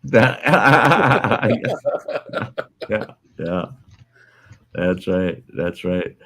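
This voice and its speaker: A man's voice: on the low side, lively intonation, extremely slow, a bit bright, breathy edge. A man in his sixties hosting a casual video chat, telling jokes and laughing between them. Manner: laughs between stories, tells drunk jokes. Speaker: show host.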